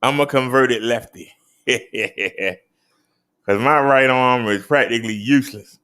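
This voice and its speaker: A man's voice: moderate pace, bright, forceful tone, clear, resonant tone. A man hosting a casual show, reading out daily figures and chatting. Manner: emphatic, swoops up high on key numbers. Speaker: host.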